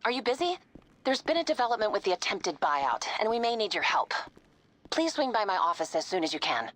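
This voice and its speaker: Brisk female game contact, businesslike and pressing; lively pitch, mid-range voice. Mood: urgent. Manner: urgent, businesslike.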